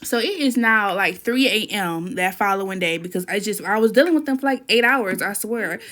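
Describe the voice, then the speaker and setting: A woman's voice: lively intonation, fairly quick, a bit bright. A woman host recording a casual, rambling voice-over for her gameplay video, talking straight to her viewers. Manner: rambling and chatty, addresses viewers as y'all; says she generally talks low. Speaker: gaming channel host. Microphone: recorded on an iPad.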